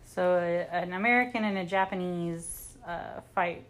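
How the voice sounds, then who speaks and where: A woman's voice: lowish voice, unhurried, a bit bright. Woman tearing through a sarcastic movie recap. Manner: sarcastic, swears freely, acts out quotes. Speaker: podcast co-host. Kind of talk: casual chat, irreverent movie recap.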